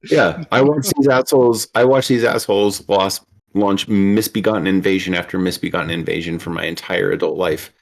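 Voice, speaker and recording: A young man from the United States with a very low voice, chatting as a guest on a podcast. He talks with animation and swears freely, slipping into the voices of people he quotes. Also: steady tone, brisk. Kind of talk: casual political chat.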